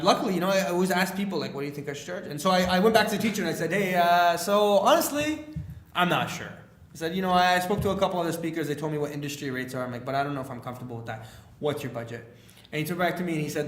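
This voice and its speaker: Animated young man telling stories, echoey room. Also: medium pitch, a little hiss or hum. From Canada. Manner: animated storyteller, acts out quoted dialogue with many fillers. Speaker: guest, leadership speaker. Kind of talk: casual podcast storytelling.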